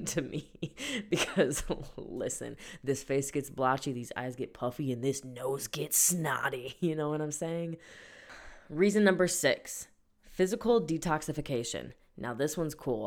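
A young woman hosting a solo podcast, talking casually and playfully, often laughing and dropping slang. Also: rumbling low. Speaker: podcast host.

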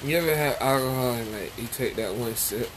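A man's voice: medium pitch, brisk, a crowd in the background, poor audio. Blunt man telling profane stories. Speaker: podcast host. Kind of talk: casual podcast chat.

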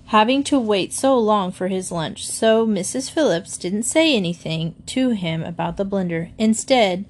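A woman's voice: medium pitch, darkish tone. Woman reading a children's book aloud. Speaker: storybook reader.

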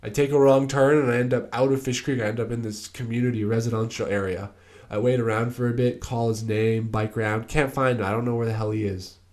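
A man's voice: mid-range voice, fairly even intonation, fairly quick, darkish tone. A young man hosting his own podcast, telling stories in a laid-back, rambling way with lots of fillers. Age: young adult. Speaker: podcast host. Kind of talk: casual solo podcast storytelling.

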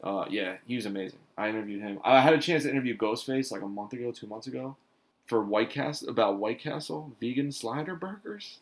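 Guest rapper from Philadelphia, a man, animated and profane, mid pitch. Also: brisk. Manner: swearing, storytelling, animated. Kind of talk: casual podcast chat.

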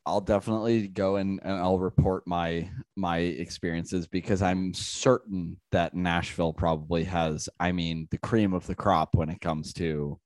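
A man's voice: low-pitched, flat delivery, moderate pace, hardly any pauses, a little mellow, no echo. A man co-hosting a casual podcast, mostly reacting briefly and dropping wry, teasing jokes. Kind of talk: casual chat.

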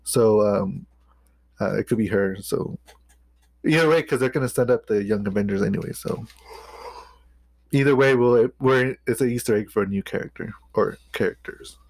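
A man's voice: on the low side, normal speed, creaky, darkish tone, no room sound. Rambling, hesitant man on a podcast. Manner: rambling, hesitant, restarts a lot. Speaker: podcast co-host. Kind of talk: casual chat.

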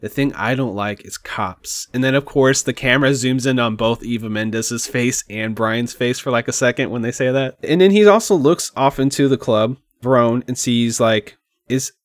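A man's voice: mid-range voice, moderate pace, dry recording, studio quality. A man co-hosting a podcast, chatting casually and rambling about a film with lots of "like.". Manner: relaxed, rambling, says "like" often. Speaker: podcast co-host. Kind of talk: casual movie discussion.

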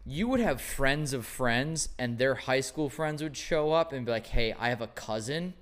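A young man hosting a podcast, telling animated stories in casual chat and swearing freely. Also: medium pitch, moderate pace. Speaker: podcast host, former bartender.

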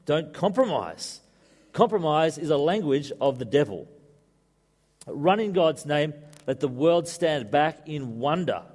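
A man's voice: on the high side, big pitch swings, unhurried, darkish tone, in a large hall, voice pushed up. A man putting on an earnest old Scottish missionary father. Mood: exhorting. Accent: mock Scottish.

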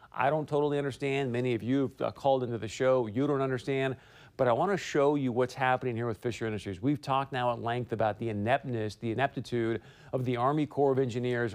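A male talk show host delivers opinionated political commentary into a studio mic. His voice sits at an ordinary middle pitch. He is emphatic and climbs higher whenever he presses a point. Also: darkish tone. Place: broadcast studio.

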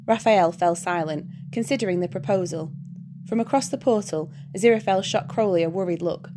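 A woman's voice: fairly low pitch, fairly quick. Woman narrating a story over hiss. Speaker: audiobook narrator. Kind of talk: reading fan fiction aloud. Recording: background hiss.

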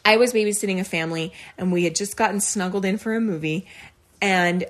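A middle-aged woman co-hosting a casual chat and telling a story, animated and quick to laugh through tense moments. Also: medium pitch. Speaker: podcast co-host.

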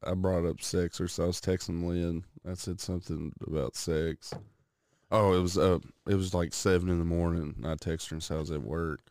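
A man's voice: sits low, level tone, brisk, a little mellow, no room sound, clean studio sound. A man co-hosting a podcast in casual chat, rambling and swearing a lot. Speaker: podcast co-host.

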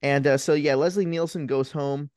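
A man's voice: on the high side, fairly even intonation, normal speed, a little mellow, smooth, dry recording, studio quality. A man co-hosting a podcast, casually retelling a film plot in a rambling, profane way with many restarts. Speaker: podcast co-host.

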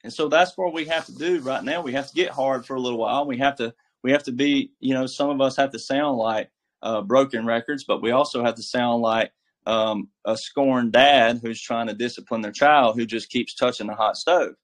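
A man's voice: medium pitch, moderate pace. A man giving casual political commentary as a guest, emphatic and preachy, with a folksy, filler-heavy way of talking. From military background.

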